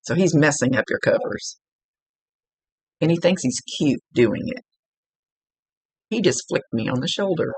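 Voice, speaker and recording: A woman working as a psychic medium, giving a casual, chatty reading, blunt and quick to laugh, with the odd swear. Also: low voice, animated, darkish tone, breathy edge, no echo. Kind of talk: casual spoken reading for a client. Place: indoors at a table.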